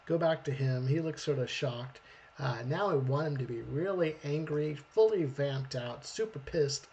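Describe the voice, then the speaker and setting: A man's voice: on the high side, moderate pace, darkish tone, a little hiss or hum. A man hosting a live storyboard drawing stream, chatting casually and thinking aloud as he draws.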